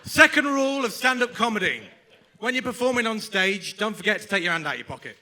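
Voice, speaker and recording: A man doing a stand-up set, loudly badgering the crowd with repeated questions. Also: high-pitched, expressive, a little fast, soft background music. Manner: loud, badgering crowd work. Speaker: stand-up comedian. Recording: voice from far off the mic.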